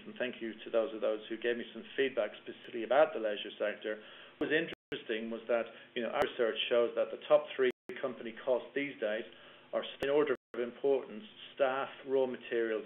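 A man's voice: medium pitch, gravelly, a little hiss or hum. A man giving a business webinar presentation, talking through slides with fillers and restarts. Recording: tinny phone-line webinar audio.

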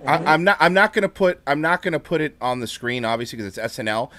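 A man's voice: fairly high pitch, fast talker. A man hosting a podcast, reacting to a clip with jokes and swearing. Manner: joking, swearing, animated interjections. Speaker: podcast host. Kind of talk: casual reaction chat.

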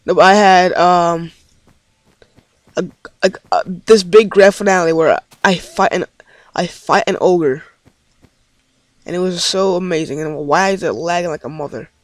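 A man's voice: sits high, unhurried, long pauses, no room sound. A man giving rambling let's play commentary on his game, easily frustrated and swearing often. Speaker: gaming commentator.

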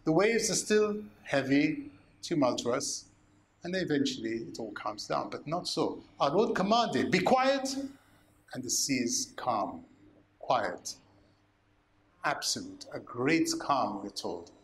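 A man, a priest preaching a sermon, slow and emphatic, asking rhetorical questions. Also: mid-range voice, big pitch swings.

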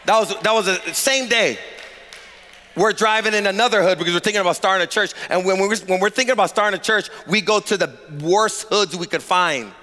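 A man preaching a sermon as pastor, using call-and-response and swinging from shouted lines to quiet asides. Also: high voice, brisk, in a large hall.

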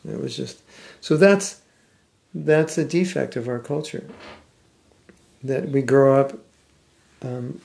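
An older American man with a General American accent giving a scripture class, speaking thoughtfully with some halting restarts and reading passages aloud. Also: mid-range voice, gravelly, a little mellow. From United States. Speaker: spiritual teacher. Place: class room.

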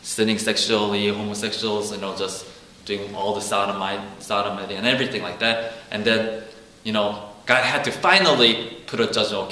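Man, informal bible teaching, repeats himself, acts out quotes, forceful tone. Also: on the low side, fairly even intonation, moderate pace, reverberant, poor audio. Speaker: preacher.

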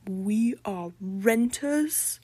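A woman's voice: mid-range voice, moderate pace, dry recording, natural voice. A woman voicing the prim, haughty spirit of an old-fashioned lady from a bog body, speaking with formal, peevish diction in a storybook reading. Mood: dismayed.

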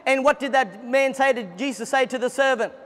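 A man preaching a fervent sermon as pastor at a church service, at times breaking into shouts. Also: very high voice, brisk, in a large hall.

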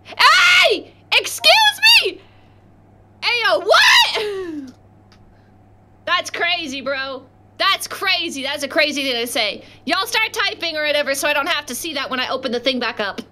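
A young adult woman streaming a game live, chatting casually with viewers in slangy talk and sudden loud outbursts. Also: high-pitched, lively intonation, fairly quick. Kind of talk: casual livestream gaming chat. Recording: noticeable background noise.

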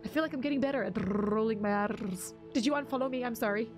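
A woman's voice: fairly high pitch, quick pace, over music. A woman streamer chatting casually while she plays, rambling through stories and laughing often. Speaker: game streamer. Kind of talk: casual live-stream chat while gaming.

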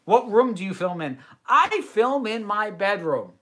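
Hosting a livestream Q&A from his bedroom, a young man from the United States reads out chat questions and wanders into long tangents answering them. He speaks unhurriedly in a high-pitched, somewhat bright voice with big pitch swings.

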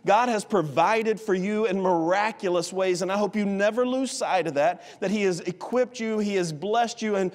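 A man's voice: high-pitched, normal speed, few pauses. A man preaching a revival sermon as a guest missionary, telling stories with passion and speaking in character as a biblical figure. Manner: impassioned storytelling, voices Boaz addressing Ruth. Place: church sanctuary. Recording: long church hall reverb.

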